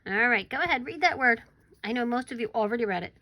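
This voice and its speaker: A woman's slightly high, animated voice carries a recorded phonics lesson for small children. She speaks slowly and encouragingly with a sharp tone, sometimes lowering to a whisper for suspense.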